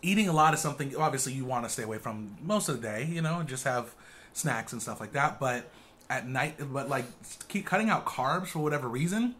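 A man's voice: medium pitch, a little fast. A man co-hosting a casual eating video, easygoing and agreeable, humming along as he eats. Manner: relaxed, agreeable, talks while eating with many hums. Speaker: co-host of a couple's channel. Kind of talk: casual mukbang chat.

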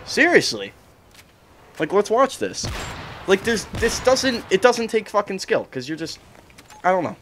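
A man's voice: high voice, very animated, measured pace, long pauses, fairly bright tone, slight background noise. A young man ranting and swearing in frustration while commenting on his own gameplay. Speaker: gaming streamer.

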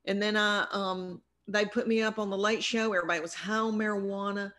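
A middle-aged comedian guest from the American South, with a Southern US accent, tells rambling, self-deprecating stories in a casual interview. Her medium-pitched voice is steady, brisk and fairly bright.

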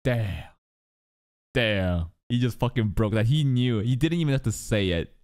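A young man streaming an anime reaction, talking casually and excitably, swearing often and mock-quoting the characters. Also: mid-range voice, measured pace.

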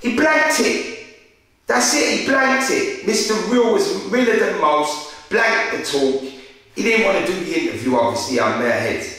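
A young man with a London accent, an interviewer telling a story in a casual, animated way, full of street slang. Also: high-pitched, moderate pace. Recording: very echoey room, far from mic.

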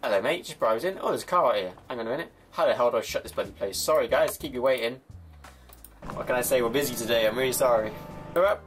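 A young male gaming YouTuber gives comedic gameplay commentary with jokes, chatting to customers in a mock shopkeeper voice. He talks fast in a fairly bright, medium-pitched voice, with soft background music.

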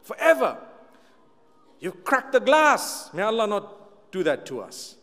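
A man's voice: sits high, very animated, unhurried, a bit bright. A man preaching a sermon to a live audience, emphatic and repetitive, with light humorous asides. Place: large hall with an audience. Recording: long hall reverb.

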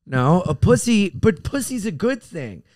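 A man's voice: sits high, very animated, measured pace, darkish tone, no room sound. A man co-hosting a podcast, trading crude jokes in casual comedic banter, recorded on a close podcast mic. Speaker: podcast co-host.

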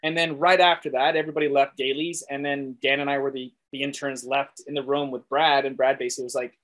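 A man being interviewed, telling work stories in a lively, laughing way and acting out what others said. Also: medium pitch, fast. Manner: animated, acts out quoted voices, laughs often. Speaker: guest animator. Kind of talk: casual interview storytelling.

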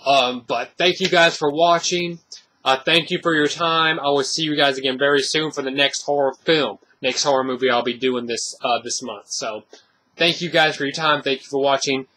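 A man's voice: mid-range voice, steady tone, moderate pace, sharp tone. A man giving a casual, rambling spoken movie review, full of fillers and restarts.

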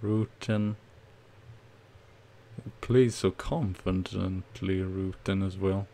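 Male streamer, unhurried gravelly delivery, nervous play-by-play of a football game. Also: low-pitched. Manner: nervous, excitable play-by-play with outbursts. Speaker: gaming streamer. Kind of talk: casual game commentary.

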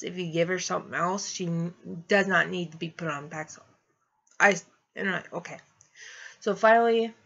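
A woman's voice: mid-range voice, a bit bright, muffled recording. A young adult woman vlogging, telling a personal story in a rambling, casual way and laughing through it.

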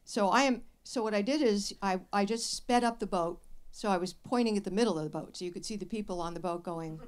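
An older woman hosting a live advice show, telling stories and answering questions in a blunt, wry and lively way. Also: mid-range voice, fairly quick, slight background noise. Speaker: radio advice host. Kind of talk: live show talk with an audience. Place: radio studio with live audience.

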